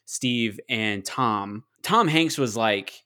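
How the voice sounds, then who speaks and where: A man's voice: lowish voice, slow pace. A man as a podcast guest, chatting casually about a film, quoting lines and sharing trivia. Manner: relaxed, chimes in with quotes and fun facts. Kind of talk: casual movie podcast chat.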